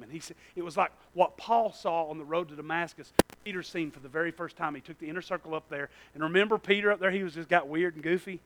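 A man preaching a sermon, telling stories with animation and swinging from shouts to hushed tones, and speaking folksy and directly to the congregation. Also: high voice.

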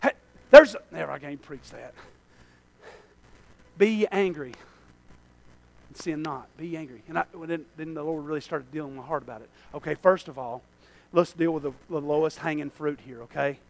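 A male pastor, preaching a sermon, swinging between loud shouting and low asides to the congregation. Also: brisk, creaky.

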